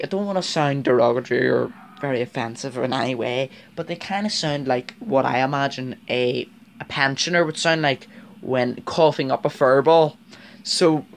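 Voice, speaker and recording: A Northern Irish man talks casually at home beside his model railway, rambling from point to point with plenty of fillers. His voice sits at an ordinary middle pitch and he laughs often. A faint hiss runs underneath. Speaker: vlogger, model railway fan. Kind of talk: casual chat to camera.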